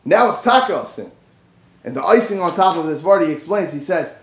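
Man, high voice, Torah class, animated, echoey room. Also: fairly quick, creaky. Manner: animated, dips low for asides and rises for emphasis. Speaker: Torah teacher. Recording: roomy echo.

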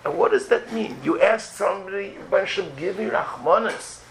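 A man's voice: high-pitched, animated, a little fast, gravelly, slight background noise, poor audio. A man, a rabbi, giving a religious lecture full of rhetorical questions and acted-out prayers.

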